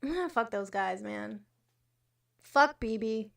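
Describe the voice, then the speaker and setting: A fairly high-voiced woman hosting a casual livestream, talking straight to her chat. She is blunt and sarcastic and swears freely, and her voice sits a little back from the mic. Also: lively intonation, slow, gravelly, fairly bright tone, recorded from a distance. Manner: blunt, profane, sarcastic asides. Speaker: livestream host. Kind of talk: casual livestream chat reading comments and news.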